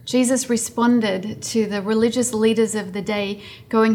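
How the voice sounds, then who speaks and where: A woman's voice: a little high, fairly even intonation, unhurried, hardly any pauses, darkish tone. A woman preaching a sermon in an earnest way, building her points through repetition.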